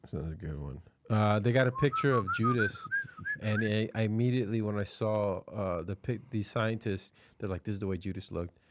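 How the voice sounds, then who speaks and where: A man's voice: fairly low pitch, wildly swooping pitch, moderate pace, very noisy. A man co-hosting a podcast, laid-back and rambling, full of filler sounds as he brings up videos to show his co-host. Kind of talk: casual comedic chat.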